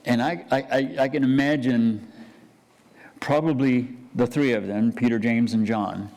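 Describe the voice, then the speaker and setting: A man's voice: mid-range voice, steady tone, unhurried, a little mellow. A man, a pastor, preaching a conversational sermon with frequent restarts and asides. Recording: church hall reverb.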